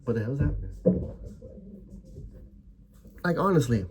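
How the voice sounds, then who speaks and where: A man's voice: mid-range voice, expressive, unhurried, heavy background noise. A young man ranting as a football fan, heated and profane, stammering over his restarts.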